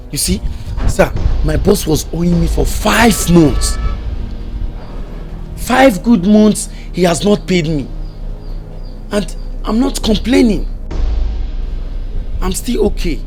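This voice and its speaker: A man's voice: high voice, a little mellow, full character voice. A man with a Nigerian English accent playing a frightened employee who tells a police officer about an attack, calling him sir. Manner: shaken, deferential, says sir often. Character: frightened male employee giving testimony. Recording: film soundtrack with music.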